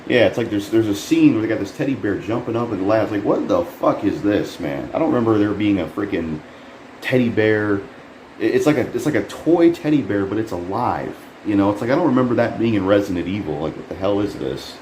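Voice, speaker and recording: A man casually reviewing a trailer, rambling and frustrated, swearing often and jumping up in pitch when he can't believe what he sees. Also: lively intonation, fairly quick, darkish tone. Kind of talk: casual profane commentary. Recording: echoey room with faint air conditioning hum.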